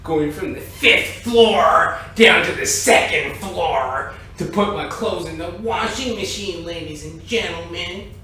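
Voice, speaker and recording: Male comedian, bright, slow, profane rambling rant, distant mic in a roomy space. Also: sits high. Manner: profane, rambling, keeps saying "ladies and gentlemen". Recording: echoey room, distant mic, faint noise.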